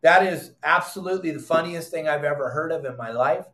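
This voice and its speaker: A middle-aged man hosting a fishing podcast, explaining technique in an emphatic, animated way, repeating his commands and adding exasperated asides. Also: on the high side, fairly quick. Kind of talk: animated how-to fishing talk. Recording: echoey room.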